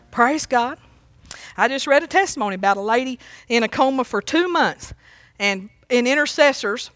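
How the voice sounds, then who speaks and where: A woman preaching a sermon, folksy and fervent, breaking into loud cries when she quotes a plea for mercy. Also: on the high side, no echo, studio quality. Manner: fervent, folksy, exclaims praise often; rises to shouting when quoting cries for mercy.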